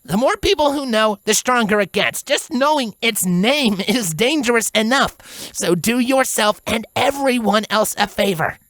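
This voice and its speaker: A tough female pegasus guard, brought to life by a woman in a fan fiction audiobook. She speaks bluntly and urgently, her pitch jumping around with energy. The sound is dry and close, with no room around it. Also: expressive, measured pace, fairly bright tone, no room sound. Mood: stern, urgent. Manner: blunt, urgent, low warnings.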